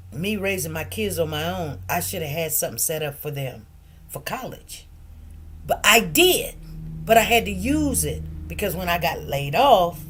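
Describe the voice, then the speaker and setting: A middle-aged woman hosting a casual livestream chat. She tells stories with animated, preacherly emphasis and gets quiet and soft when things turn serious. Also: on the low side, breathy edge. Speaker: livestream host.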